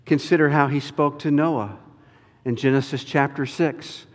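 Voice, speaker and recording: A man preaching a sermon with an emphatic, deliberate delivery. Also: a little high, steady tone. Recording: long reverb of a large hall.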